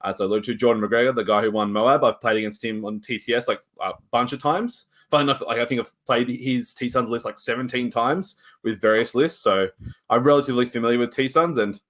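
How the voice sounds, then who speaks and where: A man's voice: mid-range voice, a little fast, fairly bright tone. A man, co-hosting a podcast and recapping his games in casual, rambling chat with shrugging asides. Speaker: podcast co-host.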